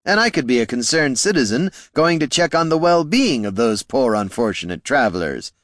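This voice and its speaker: A man's voice: mid-range voice, very animated, normal speed, a bit bright, no room sound, studio quality, voice pushed up. A man doing a glib, jittery bandit. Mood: glib, uneasy. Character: greedy nervous male bandit, fake concerned citizen.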